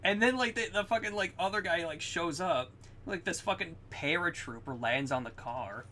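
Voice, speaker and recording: Animated swearing man, bright voice. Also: a little high, moderate pace, a little hiss or hum. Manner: excited, swears often, acts out quotes. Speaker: podcast co-host. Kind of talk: casual chat.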